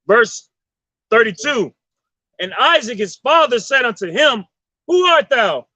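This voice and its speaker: A man with a very high and bright voice reads scripture aloud and names each verse number before he reads it. The sound is dry and dull, with no room echo. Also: big pitch swings, a little slow. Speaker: scripture reader. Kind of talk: reading Bible verses aloud.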